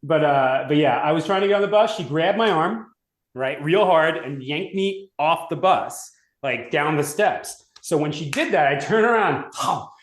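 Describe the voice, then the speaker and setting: A man from Long Island telling school stories in casual chat, animated, swearing freely and laughing as he goes. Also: a little high, moderate pace. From Long Island, New York. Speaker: podcast guest. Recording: roomy echoey room.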